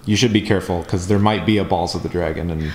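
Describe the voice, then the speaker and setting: A man interviewing at a convention, joking and relaxed. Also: low voice, fast talker, noisy background. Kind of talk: casual interview questions. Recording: echoey hall, heard from off mic.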